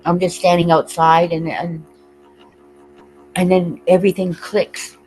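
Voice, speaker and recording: A woman on a video call, sharing openly and tearfully, halting often and laughing through her tears. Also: lowish voice, level tone, a little mellow, soft background music, poor audio. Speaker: participant in an online group call. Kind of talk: emotional open sharing.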